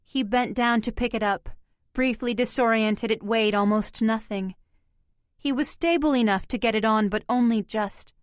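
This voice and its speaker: A woman narrating an audiobook with measured, even storytelling. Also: fairly high pitch, clear, resonant tone, dry recording, clean studio sound.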